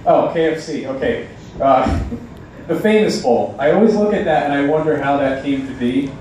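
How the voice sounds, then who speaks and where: A young man doing a halting, deadpan stand-up set at a bar open mic night. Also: a little high, a little hiss or hum. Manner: halting, deadpan delivery with many ums. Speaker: stand-up comedian. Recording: echoey bar sound from a distance.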